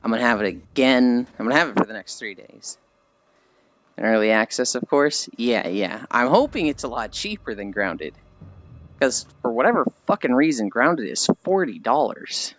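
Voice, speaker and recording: A man's voice: mid-range voice, moderate pace, no echo, muffled recording. A man streamer chatting casually with viewers while out walking, rambling and self-deprecating. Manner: rambling, self-deprecating, animated mock voices.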